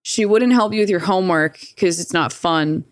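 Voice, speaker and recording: Woman telling a story, kinda low voice, swears a lot, dry recording. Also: moderate pace, no echo. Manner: profane, rambling, acts out quoted voices. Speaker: guest. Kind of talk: casual storytelling.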